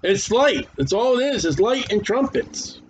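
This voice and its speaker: A man's voice: high voice, wildly swooping pitch, unhurried, a little hiss or hum. A man preaching a sermon and reading scripture aloud, talking casually and stumbling over hard names, his voice worn. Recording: dull lo-fi recording.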